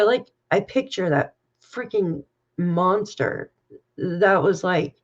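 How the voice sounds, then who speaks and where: A woman hosting a casual livestream who talks through tears, sighing and emotional. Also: mid-range voice. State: crying. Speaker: true crime channel host. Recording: dull lo-fi stream audio.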